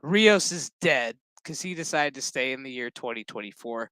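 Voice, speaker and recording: A man's voice: medium pitch, normal speed, few pauses, clean tone, no echo, poor audio. A man casually recapping a TV episode, swearing freely and acting out the characters' lines as he goes. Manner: profane, excitable, acts out characters' lines. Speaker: show recap host.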